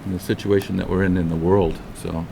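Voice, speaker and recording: A board member at a town meeting, speaking in a halting, earnest way. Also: male voice, sits low, little pitch movement, vocal fry, dark tone, a little hiss or hum. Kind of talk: meeting remarks.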